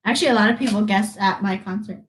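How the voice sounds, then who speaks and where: A woman guest in casual stream chat, loud and excitable. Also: medium pitch, fast, background noise.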